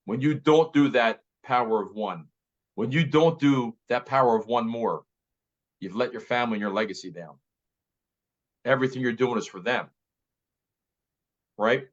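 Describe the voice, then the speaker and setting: A man in his fifties, a real estate director, gives an emphatic motivational talk and keeps repeating key phrases. His mid-range voice moves at a moderate pace with frequent pauses, and the audio sounds slightly muffled.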